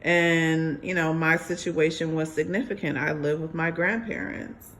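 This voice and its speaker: A woman's voice: low voice, steady tone, unhurried, a bit bright, slight background noise. A young adult woman telling her own story in a rambling way, with many fillers and restarts. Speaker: ex-member sharing her story. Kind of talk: personal storytelling monologue.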